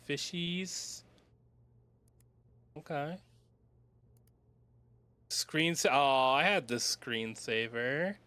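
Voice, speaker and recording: A man's voice: a little high, sharp tone, no echo. A young man casually commenting as he plays a puzzle video game, rambling, swearing and muttering to himself. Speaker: streamer playing a video game. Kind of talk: casual let's-play commentary. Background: game music.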